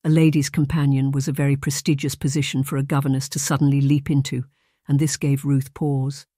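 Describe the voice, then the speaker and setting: A man narrating a period romance audiobook in a measured storytelling manner on a close microphone. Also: medium pitch, level tone, mellow, no echo. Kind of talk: scripted narration.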